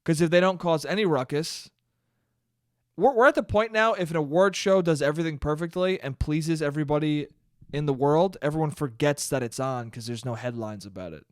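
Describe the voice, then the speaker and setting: A young man hosting his own podcast, ranting alone in a casual, profane, animated way and calling listeners "dude.". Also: fairly high pitch, fairly quick, dry recording, clean studio sound. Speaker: podcast host. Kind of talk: solo podcast rant. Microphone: studio mic he checks the levels on.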